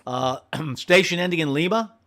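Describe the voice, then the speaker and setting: A man running an amateur radio station from home, friendly and repeating call signs slowly and carefully. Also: a little high, lively intonation, a bit bright. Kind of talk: on-air radio contacts, reading call signs.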